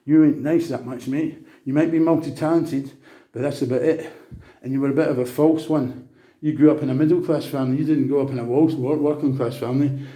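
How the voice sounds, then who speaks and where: A man delivers a breathless, manic monologue, leaping from one subject to the next and slipping into sermonizing. His voice is very dark and mellow, pitched in a middle range for a man. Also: fairly even intonation, brisk. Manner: manic, jumping between topics, preachy. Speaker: vlogger. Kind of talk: rambling monologue to camera.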